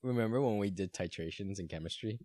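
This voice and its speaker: Young male podcast co-host, low voice, dry close sound, laughs and swears often. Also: dark tone, no echo. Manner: laughing, swearing, fast anecdotal storytelling. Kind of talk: casual chat.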